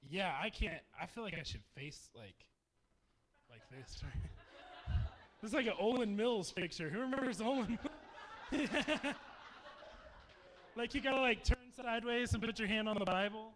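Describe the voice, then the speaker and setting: A man in his thirties from Texas, speaking to campers in a dark meeting hall, telling jokes and stories in a chatty way. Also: high-pitched, lively intonation, normal speed, pauses often, a little hiss or hum. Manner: joking, chatty storyteller. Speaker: youth camp speaker. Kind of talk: humorous youth talk to campers.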